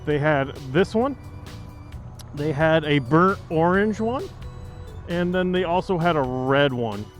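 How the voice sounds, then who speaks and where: A man's voice: fairly high pitch, expressive, slow pace, soft background music. A man chatting casually while riding a motorcycle outdoors, joking and rambling with lots of fillers, into a helmet mic. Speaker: motovlogger.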